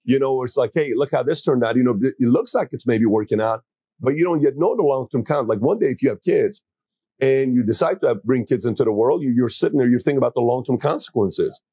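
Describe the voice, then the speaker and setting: A man's voice: medium pitch, lively intonation, quick pace, dark tone, breathy edge, no room sound. A man hosting a casual interview, rambling and repeating words as he searches for his point.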